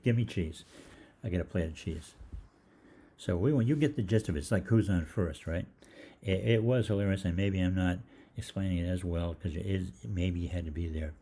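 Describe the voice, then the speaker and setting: An older man hosting a holistic health program rambles through a casual anecdote in a low, mellow, husky voice. Chatty and full of ums and restarts, he acts out other people's lines.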